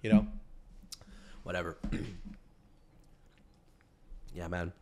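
A man's voice: deep voice, fairly even intonation, very slow, background noise. A man hosting a casual podcast, rambling and swearing freely, with frequent restarts. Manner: rambling, profane, restarts often. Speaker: podcast host.

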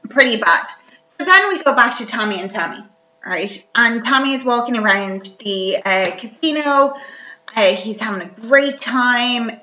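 A woman recaps a film in chatty, animated storytelling as a podcast co-host. Her voice is bright and fairly high. It is heard in an echoey room on a dull, lo-fi recording. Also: moderate pace, faint music behind. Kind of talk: casual chat recapping a film.

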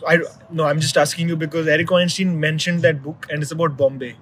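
A man's voice: fairly high pitch, level tone, fast, fairly bright tone, a little hiss or hum, low-quality recording. A man in casual conversation, telling a story in a rambling way with many restarts.

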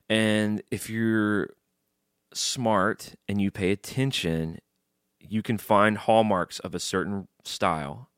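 A man's voice: fairly low pitch, a bit bright, no room sound, clean studio sound. A man hosting his own podcast in a casual, rambling way, joking and swearing as he sips beer between thoughts. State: drinking beer while talking. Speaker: podcast host. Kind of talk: casual solo podcast chat.

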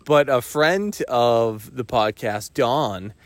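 A man hosting a podcast, rambling through jokes with halting restarts in casual chat. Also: medium pitch, dry recording. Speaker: podcast host.

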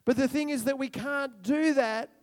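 A man preaching a sermon in a loud, excitable and emphatic way. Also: very high voice, moderate pace.

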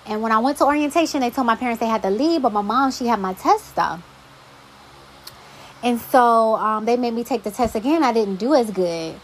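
A young woman hosts her own podcast and chats on her own in a fairly high voice. She talks emphatically, with exasperated asides. A faint hum of noise sits behind her. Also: fairly quick, rough recording. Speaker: podcast host. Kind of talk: casual solo podcast monologue.

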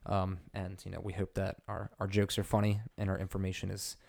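A man co-hosting a podcast in easy, casual chat. His voice is low, gravelly and mellow, and his talk is loose and full of "you know"s. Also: monotone, a little fast. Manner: loose, filler-heavy delivery with many "you know"s. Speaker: podcast co-host.

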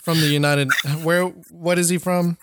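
A man with a Kentucky accent trades movie recaps with his co-host, relaxed and liberal with swear words. His voice is smooth and clear, a touch higher than average, caught dry on a close mic. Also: normal speed, no room sound. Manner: loose, swears freely, laughs along. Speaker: podcast co-host. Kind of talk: casual movie review chat.

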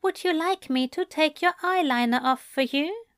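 Gentle male angel voiced by a woman, soft coaxing tone, higher voice, clean dry sound. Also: moderate pace, no room sound. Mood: tender. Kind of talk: fan fiction reading.

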